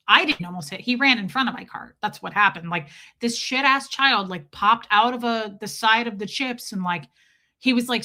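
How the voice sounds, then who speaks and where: A woman's voice: a little high, pushed and bright. A woman streamer telling a story as a comedic, profane rant. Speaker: live streamer.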